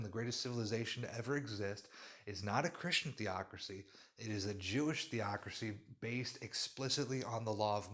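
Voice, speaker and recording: A man delivers a fervent religious monologue in a mid-range voice. He makes sweeping claims, sometimes jumping up in sudden loud bursts and sometimes dropping to quiet asides. The delivery is unscripted and driven. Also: mid-range voice. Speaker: religious commentator.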